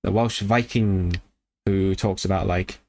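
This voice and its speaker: A man with a low voice and vocal fry talks informally on a livestream about learning languages. He thinks on his feet, often restarting and getting excited in short spurts.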